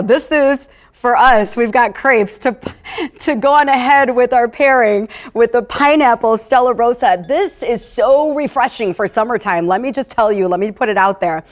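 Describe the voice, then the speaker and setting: A woman hosting a live wine tasting in a casual, upbeat way. She talks straight to her viewers and drifts into personal stories and asides. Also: fairly high pitch. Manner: talks straight to viewers, calling them "you guys".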